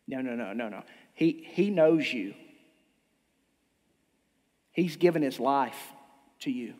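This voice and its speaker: A man's voice: medium pitch, lively intonation, slow pace, pauses often, darkish tone. A male pastor preaching a sermon, impassioned and emphatic, stumbling over repeated restarts, heard in a church with long reverb.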